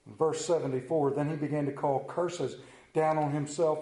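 A man preaching, reading a Bible passage aloud slowly and with emphasis. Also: fairly high pitch, fairly even intonation, warm tone, reverberant, low-quality recording. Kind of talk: scripture reading in a sermon.

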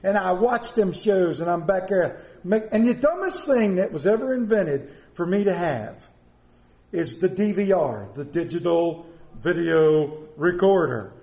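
Middle-aged male pastor, high voice, folksy joking sermon, roomy church sound. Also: expressive, a little slow, dark tone. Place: church sanctuary.

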